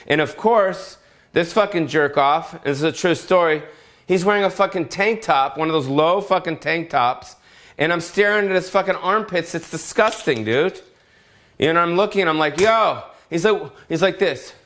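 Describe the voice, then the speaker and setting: Middle-aged comedian guy ranting solo at home, kinda high voice, swears a lot, rambles. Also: fairly bright tone. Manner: brash, profane and rambling. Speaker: comedian hosting his own show. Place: home in Las Vegas.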